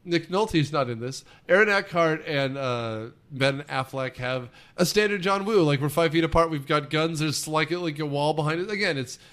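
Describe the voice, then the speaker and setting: A man's voice: on the high side, a bit bright. A man co-hosting a casual movie podcast, rambling and joking as he recaps a film. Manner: rambling, jokey, quick to quote lines in funny voices. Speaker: podcast co-host. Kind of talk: casual movie-review banter.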